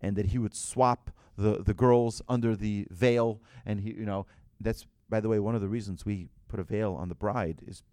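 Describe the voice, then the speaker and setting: A man's voice: lowish voice, steady tone, normal speed, few pauses, dark tone, no echo, studio quality. A man, a rabbi, telling a story in a sermon, acting out the voices and often restarting his phrases.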